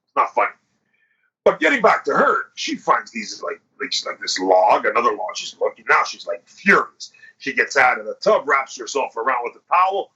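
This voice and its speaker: A man on a podcast, telling a crude story in a casual and animated way, swearing and acting out what people said. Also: medium pitch, normal speed, husky. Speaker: podcast host. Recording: dull lo-fi podcast audio.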